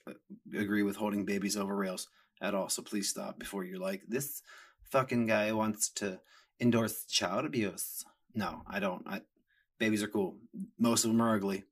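Brief: middle-aged man, podcast host, crude joking rants, husky and lowish voice. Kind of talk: casual comedic rant.

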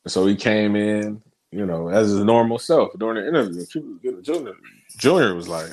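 A man's voice: fairly low pitch, expressive, a little fast, a little mellow. A man co-hosting a casual chat who laughs a lot and hesitates with fillers. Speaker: co-host.

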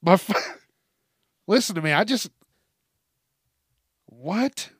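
Man, podcast host, profane ranter, slow deliberate delivery, a bit high-pitched, allergy-stuffed, dry close sound. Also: animated, husky, no echo. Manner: profane, ranting storyteller. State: congested from allergies. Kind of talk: solo call-in podcast monologue.

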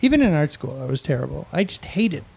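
High-voiced man telling animated stories. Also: gravelly, slightly rough. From Wisconsin, USA. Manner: animated, rambling, quick to laugh. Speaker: podcast guest. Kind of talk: casual chat, storytelling.

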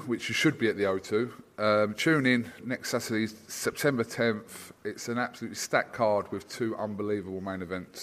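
A man's voice: fairly low pitch, bright, forceful tone. A man interviewing a fighter in a casual, jokey way with lots of fillers. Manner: jokey, teasing, filler-heavy.

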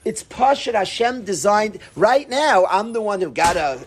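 A middle-aged man, a rabbi, giving an animated, conversational Torah talk to an audience, mixing in Yiddish and Hebrew words. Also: sits high, unhurried, breathy edge.

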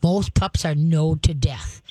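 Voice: mid-range voice, takes it slowly, warm tone, slightly rough, no room sound. A dog trainer giving advice to a caller, rambling with many restarts and playful dog talk, laughing often along the way.

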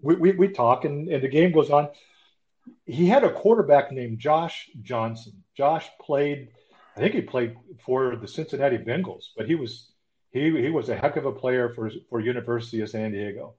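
A man's voice: medium pitch, moderate pace, a little mellow. A man swaps old referee stories in an easygoing chat, slipping into the voices of the people he quotes. The sound is a little dull and lo-fi. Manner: anecdotal, acts out quoted voices. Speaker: former football referee, guest. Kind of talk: casual storytelling conversation.

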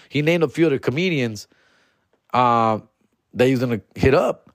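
A man's voice: on the high side, normal speed, dry recording. A man telling a story as a podcast host. He talks casually and profanely with plenty of slang, acting out his own quoted reactions.

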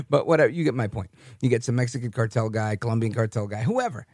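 A man's voice: medium pitch, lively intonation, a little fast, a little mellow, no echo. Dry-voiced man doing political commentary. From New Jersey. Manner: conversational, keeps asking "right?", reads news aloud. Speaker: commentary host.

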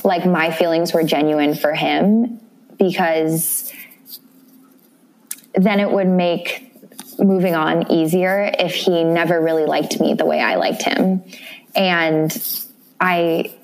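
Candid young woman, low-pitched voice. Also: steady tone, slow pace, vocal fry, pauses often. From American Midwest. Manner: candid, emotional, rambling with restarts. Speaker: interview guest. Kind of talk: casual interview chat.

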